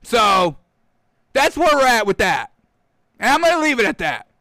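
A man hosting a football talk show, ranting in a heated, animated way and calling out to his folks, close on a studio mic. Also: very high voice, moderate pace, no room sound. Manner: heated, animated, keeps addressing the audience as folks. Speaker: sports show host. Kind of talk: casual football rant. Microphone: close studio microphone.

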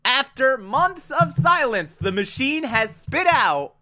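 A man casually and excitably recapping a TV episode, acting out the characters as he goes. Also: extremely high pitch, takes it slowly. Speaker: TV show recapper.

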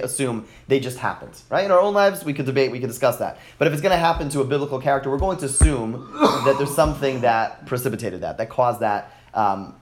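A man teaching a class, reading verses aloud and translating them, often praising his students' answers. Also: medium pitch. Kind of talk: classroom text study.

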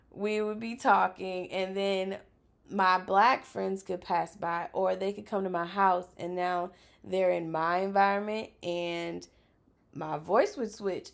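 A woman from South Louisiana hosting a podcast in casual chat, candid and quick to laugh, swearing freely. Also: medium pitch, vocal fry. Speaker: podcast host.

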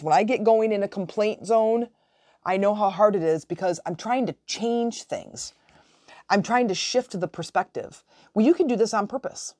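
A woman's voice: medium pitch, dark tone, dry recording, studio quality. A woman in her forties coaching in a motivational podcast, earnest and encouraging, acting out little scenes from family life. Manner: earnest, encouraging, acts out quoted dialogue. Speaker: relationship coach.

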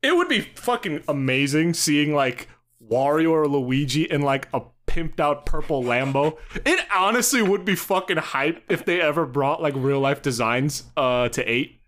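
A man's voice: on the high side, lively intonation, moderate pace, fairly bright tone. A man co-hosting a casual podcast, laughing often and improvising silly voices in comic bits. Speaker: podcast co-host. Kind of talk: casual chat.

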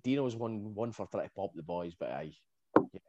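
Laid-back man, low voice. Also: lively intonation, a little fast, dark tone, lo-fi sound. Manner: laid-back, laughs often. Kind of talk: casual chat.

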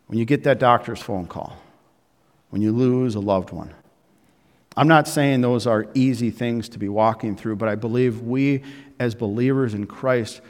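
Male pastor, mid-pitched, preaching in a church with a long hall echo. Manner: preaching with rising emphasis and pauses, addressing the congregation. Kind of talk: sermon. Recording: echoey hall with long reverb.

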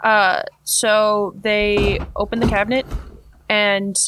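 A woman's voice: mid-range voice, level tone, slow pace, background noise. A woman playing a tabletop game, speaking casually and hesitantly with many fillers. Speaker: player.

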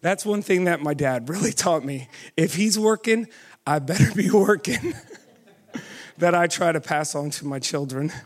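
A man preaching a sermon who keeps asking the audience questions and urging them on with "come on", his pace swinging between quick runs and slow, drawn-out words. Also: on the high side, lively intonation.

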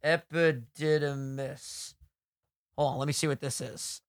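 A man's voice: medium pitch, flat delivery, fast talker, no echo. A man co-hosting a podcast in casual, crude, joking banter, close to the mic. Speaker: podcast co-host.

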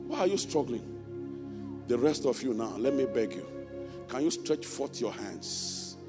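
A pastor with a medium-pitched, sing-song voice preaches a sermon and leads an altar call at an unhurried pace, fervently repeating phrases and at times speaking in tongues. The church sanctuary recording has long reverb with music behind him.

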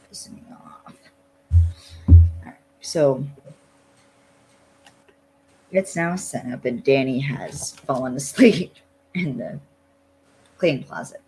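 Podcast host, unhurried gravelly delivery, rambling casual recap with blunt swearing. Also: mid-range voice, darkish tone, faint music behind, low-quality recording. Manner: loose, lots of "like", blunt swearing. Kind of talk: casual chat recapping a TV episode.

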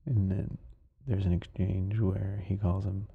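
A man with a low, gravelly, slightly husky voice drifts through a sleep podcast recap, rambling and sometimes sinking to a whisper. The recording sounds somewhat dull and muffled. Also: level tone, unhurried. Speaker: podcast host.

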